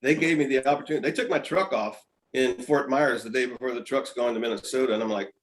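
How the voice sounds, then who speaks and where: A man's voice: medium pitch, fast, slight background noise, low-quality recording. Chuckling man telling baseball anecdotes. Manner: chuckling, animated anecdotes with repeated words. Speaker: podcast guest, former pitcher. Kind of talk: casual storytelling.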